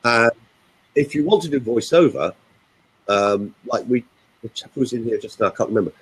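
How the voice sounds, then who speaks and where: An older man, a voice coach, chatting in a casual webinar and telling animated stories. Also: mid-range voice, fairly quick, breathy edge, low-quality recording.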